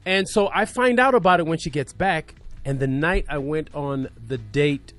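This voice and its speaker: A man's voice: a little high, normal speed. Male radio guest, raised voice, emotional storyteller, faint music bed. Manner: animated, acts out quoted voices, swings from loud to hushed. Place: radio studio.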